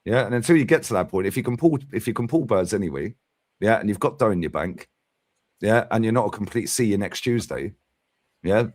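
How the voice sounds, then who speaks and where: A man's voice: lowish voice, expressive, brisk, a little mellow, dry recording, studio quality. Blunt, sweary man in his forties. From London. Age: 40s. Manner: blunt and sweary, keeps tagging "yeah?". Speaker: fan channel host. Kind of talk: casual football podcast chat.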